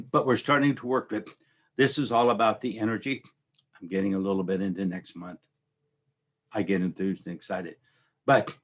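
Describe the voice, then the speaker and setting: Host, male, lowish voice; loose, rambling motivational chat that keeps checking in with the listener. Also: breathy edge. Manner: rambling, conversational, often asks "right?". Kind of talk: casual motivational talk.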